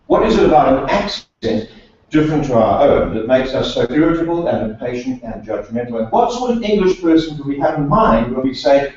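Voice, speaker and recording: A man's voice: medium pitch, big pitch swings, a little fast, darkish tone. A man from South Africa, a speech and accent coach, giving a prepared talk to a meeting with dry wry humour and rhetorical questions. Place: meeting room of a professional association. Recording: echoey hall, distant dull mic.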